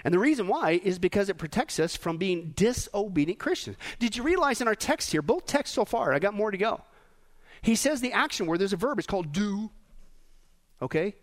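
A man preaching a sermon as pastor, animated, acting out rude voices and dropping to quiet emphasis. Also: high-pitched, brisk.

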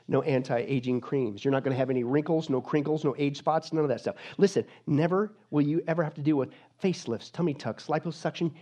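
A male pastor preaching a sermon in a lively, joking manner, swinging from loud to hushed. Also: on the high side.

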